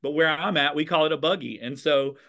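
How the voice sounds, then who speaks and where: A man from the American South with a Southern accent, chatting over a video call about teaching, expressive with a little sass. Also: fairly high pitch, a little fast. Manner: expressive, a bit sassy, warm storytelling. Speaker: teacher and conversation host. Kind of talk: casual video chat.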